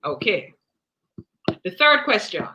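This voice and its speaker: A woman's voice: mid-range voice, sing-song, takes it slowly, bright, forceful tone, slight background noise. A woman host with a Jamaican accent, encouraging listeners and restating her guest's points. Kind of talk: interview hosting.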